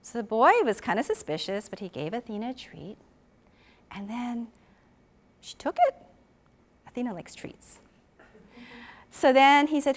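A woman's voice: on the high side, lively intonation, a little slow, long pauses. A woman giving a conference talk who tells a story, asks the audience questions and acts out the people she quotes. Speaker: conference presenter for an animal welfare education program.

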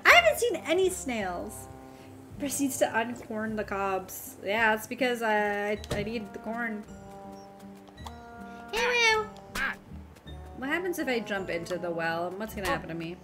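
A woman's voice: mid-range voice, big pitch swings, a little slow, long pauses. A woman streaming a game live, playful and giggly, exclaiming as she plays. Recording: game music behind voice.

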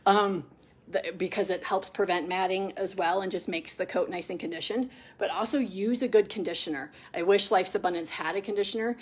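Grooming her dog as she talks, this middle-aged woman speaks in a mid-range voice, a little fast. She rambles casually with frequent ums and restarts, breaking off to coo gently at the dog.

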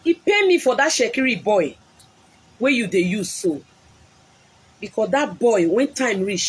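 A woman's voice: fairly high pitch, big pitch swings, unhurried, long pauses, slight background noise. A woman with a Nigerian accent, a prophetess speaking on a live stream in an impassioned way, repeating lines for emphasis. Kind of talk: emotional live-stream address.

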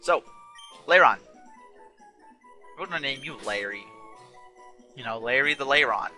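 A man's voice: medium pitch, animated, measured pace, bright, forceful tone. A man hosting a casual let's play, chatting and correcting himself as he plays, a bit tired and yawning. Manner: rambling, self-correcting, chatty. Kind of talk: casual gameplay commentary. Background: game music.

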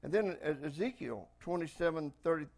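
A pastor with a Southern US accent from Texas, preaching a folksy, emphatic sermon with frequent praise-God interjections. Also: male voice, on the high side, animated, fairly quick, vocal fry, a little mellow.

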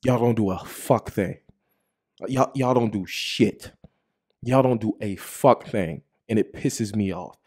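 A young man hosting a vlog, ranting angrily and swearing constantly, with a husky voice and repeated "bro" tags. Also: lowish voice, slow, darkish tone. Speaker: vlog host.

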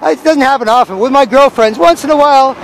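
A man rants outdoors in a city square, rambling and profane, circling back over the same points. His voice sits strikingly high for a man, and his words tumble out quickly. Faint traffic noise hums behind him. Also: gravelly, fairly bright tone, poor audio. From Canada. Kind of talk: street vlog rant.

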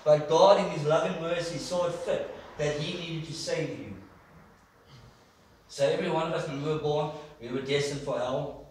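Preacher in an echoey church. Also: male voice, fairly high pitch, steady tone, moderate pace, a little hiss or hum. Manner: storytelling, asks the congregation questions. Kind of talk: sermon. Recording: echoey church hall from far off.

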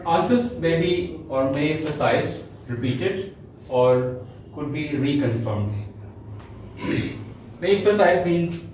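A man's voice: medium pitch, darkish tone, slight background noise. A man with a Pakistani English accent teaching a classroom lecture, explaining step by step with frequent fillers and repeated key words. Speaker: IELTS instructor. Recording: echoey room, mic far from speaker.

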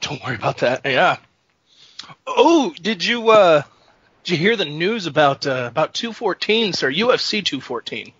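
Male podcast co-host, tense bright voice, dry close mic, animated. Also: on the high side, moderate pace, slightly rough, no echo. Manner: animated, laughing often, jokey. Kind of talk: casual sports chat. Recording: dull lo-fi dry sound.

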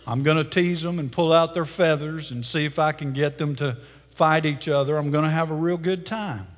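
A man's voice: on the high side, normal speed, close to an everyday voice. A man preaching a sermon, voicing a careless young boy who brags about teasing birds. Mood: gleeful. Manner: careless, gleeful. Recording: long church-hall reverb.

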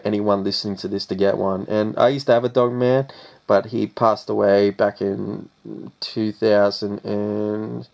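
A man's voice: lowish voice, vocal fry, a little mellow. A young Australian man, a rapper, answering interview questions in a casual, laid-back way and saying "man" after most phrases.

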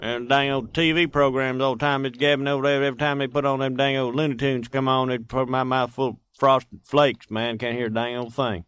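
A man's voice: mid-range voice, flat delivery, brisk, hardly any pauses, fairly bright tone, clean tone, dry recording, lightly acted. A man putting on the voice of a cranky, grumbling country bumpkin, heard from a little off the mic.

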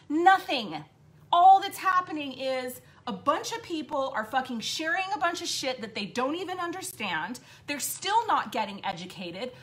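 A woman's voice: high voice, fairly bright tone. A woman host giving an impassioned, blunt monologue, swearing often and repeating points for emphasis. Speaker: podcast host.

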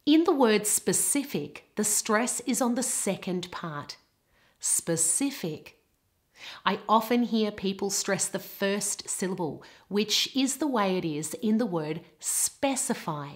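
A woman presenting a short pronunciation lesson at a slow, unhurried pace. She sets out each word with care and repeats it for the listener to copy. Her pitch sits in a medium range. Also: animated. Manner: clear, deliberate model pronunciations. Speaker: pronunciation teacher.

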